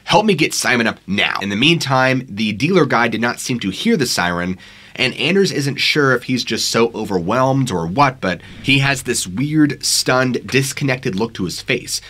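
A man's voice: medium pitch, lively intonation, normal speed, fairly bright tone. A man narrating scary true stories in a dramatic, suspenseful storytelling manner on a studio microphone.

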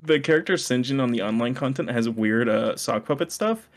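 A young man co-hosting a casual podcast, rambling about an old TV show, laughing often and breaking off to yell at a video game. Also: medium pitch, animated, brisk. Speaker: podcast co-host. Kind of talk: casual chat while gaming.

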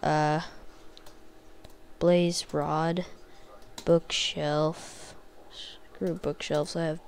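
A young woman commenting on her own gameplay as a channel host, frustrated and muttering, breaking into loud outbursts. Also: deep voice, level tone, drawn-out words, smooth.

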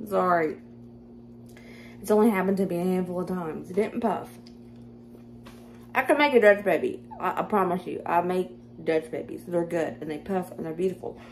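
A woman with a Southern American accent chatting casually through a cooking demonstration in her home kitchen. She is self-deprecating and quick to laugh. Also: fairly low pitch, fairly even intonation, darkish tone, a little hiss or hum. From Southern United States. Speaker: cooking vlogger.

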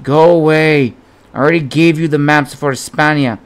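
A man doing a gruff old Athenian general. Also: a little high, fairly even intonation, normal speed, close to an everyday voice.

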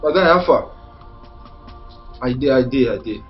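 An actor with a Nigerian accent playing a broke young husband who grumbles to himself about cooking and housework. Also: male voice, mid-range voice, expressive, normal speed, highs cut off, soft background music, natural voice. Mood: grumbling. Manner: self-pitying grumbling monologue.

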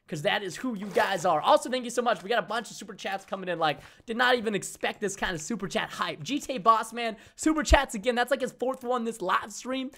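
A young man hosting a live game stream, talking energetically and bursting into shouts when the action heats up. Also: high-pitched, brisk, hardly any pauses. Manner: energetic, excitable, bursts into shouting during fights. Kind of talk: excited live stream commentary.

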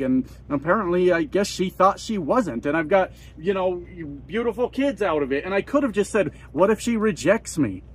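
Truck driver vlogger, male, 40s, fairly high husky voice, rambling and cursing in a heated rant. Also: rough recording. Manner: exasperated, swears constantly, rambling and repetitive.

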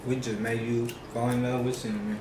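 A man's voice: mid-range voice, level tone, brisk, a crowd in the background. A man co-hosting a mukbang, explaining dishes in an easygoing, teasing way. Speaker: co-host. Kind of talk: casual eating chat. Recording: roomy with faint noise.

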